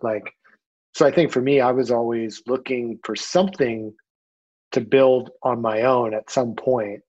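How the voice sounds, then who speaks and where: A man's voice: mid-range voice, a little slow. Laid-back male podcast guest, dull sound. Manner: relaxed, rambling, many fillers and casual swearing. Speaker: podcast guest, company founder. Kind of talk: casual interview storytelling.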